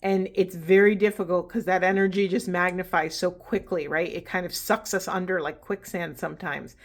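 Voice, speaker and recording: A woman's voice: lowish voice, steady tone, moderate pace. A woman, hosting a spiritual reading and talking casually and earnestly to her viewers, encouraging them with many fillers and restarts. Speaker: spiritual reader and host.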